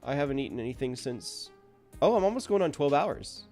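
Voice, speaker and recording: A man's voice: medium pitch, animated, brisk, darkish tone, soft background music. A man chatting casually to his viewers at the end of a stream, rambling and self-deprecating.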